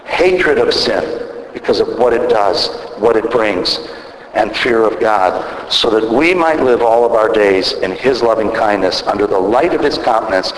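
A man preaching a sermon as pastor, earnest and measured, pausing and restarting as he works through scripture. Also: fairly low pitch, slight background noise. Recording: echoey hall from a distance.

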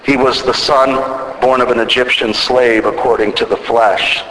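Male preacher, mid-pitched, measured delivery rising to emphatic peaks, long hall reverb, faint noise. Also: fairly even intonation, fairly bright tone. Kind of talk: sermon.

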